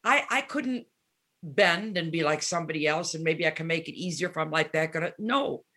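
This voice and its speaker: A seventy-year-old woman musician, guesting on an interview, talks briskly in a low-pitched voice. It's a casual chat in which she animates her stories and acts out the dialogue.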